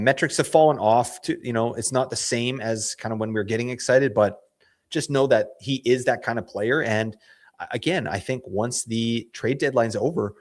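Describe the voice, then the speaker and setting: A man hosting a fantasy hockey show, hoarse from losing his voice, chatting casually in a rambling, self-correcting way full of slang. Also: lowish voice. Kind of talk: casual analysis chat.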